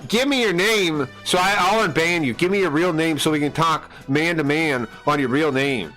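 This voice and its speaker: Man mocking a shrill, furious male streamer. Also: normal speed, bright, forceful tone, faint music behind. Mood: outraged. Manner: shrill, sputtering, mocking impression. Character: furious adult male streamer, shouting in outrage.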